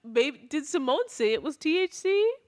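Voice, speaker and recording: A woman chatting casually as a podcast co-host, recapping a TV episode, animated, laughing often and acting out quotes. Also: high-pitched, normal speed.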